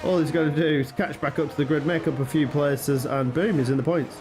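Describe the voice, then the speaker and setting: A man's voice: on the high side, brisk, over music. A man with a northern English accent calling an esports race live, chatty and teasing his co-commentator. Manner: chatty, bantering, excitable at crashes.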